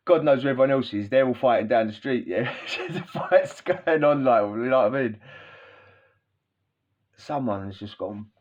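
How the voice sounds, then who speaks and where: A man's voice: mid-range voice, normal speed, darkish tone. Rambling man, lo-fi audio. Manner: rambling with frequent tag questions and laughs. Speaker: podcast host telling a story. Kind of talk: casual storytelling. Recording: dull lo-fi sound.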